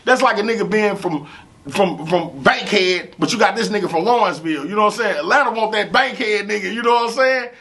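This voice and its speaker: A gravelly-voiced St. man speaking high for a man, with a bright, forceful edge. He tells stories in a loose, profane interview style, animated and full of filler phrases. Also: fast talker. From St. Louis, USA. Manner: animated, profane, repeats "you know what I'm saying". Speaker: rapper interview guest. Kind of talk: casual storytelling interview.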